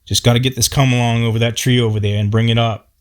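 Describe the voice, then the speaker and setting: A man doing a gruff, cussing tree-feller. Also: mid-range voice, little pitch movement, quick pace, lightly acted. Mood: weary. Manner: blunt, profane, folksy backwoods talk. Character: gruff, short-tempered working man felling a tree.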